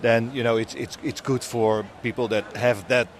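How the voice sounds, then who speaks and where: A man answering interview questions outdoors at an event, halting often and repeating words as he talks. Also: medium pitch, steady tone. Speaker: guest.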